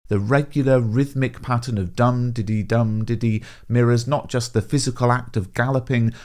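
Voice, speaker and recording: A man teaching English as he explains poems in a scripted revision lesson, with clear, measured delivery and stress on key words. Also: medium pitch, a little mellow.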